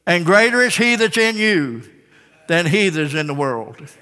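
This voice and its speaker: A man preaching a revival sermon to a congregation, emphatic and repetitive, swinging from loud calls down to hushed endings. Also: high-pitched, big pitch swings, measured pace. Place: church sanctuary with congregation. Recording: long church-hall reverb.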